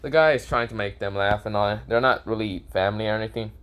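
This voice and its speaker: A man's voice: lowish voice, fast talker, a bit bright, clean tone. A young man improvising a fan story, rambling and correcting himself, swearing casually.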